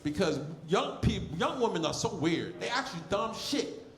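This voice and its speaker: High-voiced lisping comedian in his forties. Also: big pitch swings, normal speed, echoey room, slight background noise. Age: 40s. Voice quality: lisp. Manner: loud, crude, often shouting at the crowd. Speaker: stand-up comedian. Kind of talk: stand-up comedy set. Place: comedy club stage.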